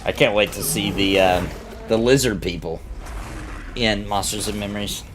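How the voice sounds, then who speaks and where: A man casually chatting on a game stream, telling stories with lively shifts in voice. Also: moderate pace, background noise. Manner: animated storyteller, jumps high when quoting people. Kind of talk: casual gaming stream chat.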